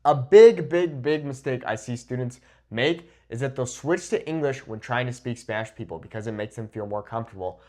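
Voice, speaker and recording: A man who teaches Spanish, talking to camera in a lively, informal way, often checking in with "okay?" and "right?". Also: mid-range voice, brisk, hardly any pauses.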